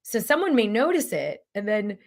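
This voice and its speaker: A middle-aged woman hosting a casual motivational talk as a mind-body coach, lively and acting out inner voices. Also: moderate pace, gravelly. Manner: animated, acts out inner voices in a high pitch.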